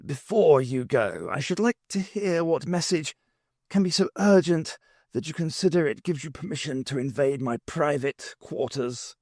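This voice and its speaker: A man's voice: fairly high pitch, animated, moderate pace, darkish tone, no echo, clean studio sound. A man voicing a wheezy, courtly old male president who turns stern when crossed, in a novel reading. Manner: courtly, turning sharply stern.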